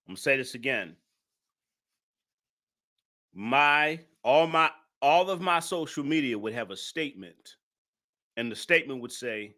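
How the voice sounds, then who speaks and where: A man talks through a live-stream commentary in a bright, forceful voice. He is emphatic, hammers his points again and again, and fires off indignant rhetorical questions. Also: mid-range voice, expressive, unhurried, pauses often.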